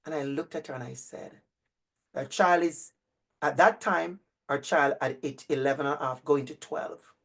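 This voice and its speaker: Man, middle-aged, educator, animated storyteller, emphatic repetition, video call. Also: on the high side, normal speed. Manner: animated, emphatic, repeats phrases for effect. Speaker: educator and speaker. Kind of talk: storytelling talk to an online audience.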